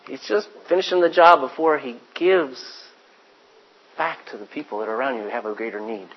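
A man preaching a sermon as pastor, swinging from hushed asides to loud acted-out quotes. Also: mid-range voice, brisk, husky, muffled recording.

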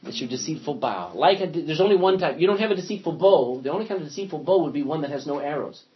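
A man's voice: a little high, very fast, breathy edge. A man, a pastor, teaching an interactive Bible study, reading scripture aloud and asking the class questions. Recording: dull lo-fi recording.

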